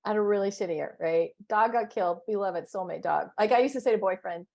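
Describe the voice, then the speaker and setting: A woman coach telling stories in a casual interview chat, playful and animated, with big exclamations. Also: medium pitch, quick pace, gravelly.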